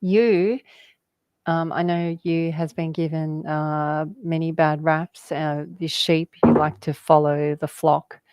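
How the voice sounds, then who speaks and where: A woman's voice: deep voice, flat delivery, a little mellow, clean tone, dry recording. A woman, a guest telling rambling spiritual stories in a conversation, often laughing. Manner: slow, meandering storytelling with laughs.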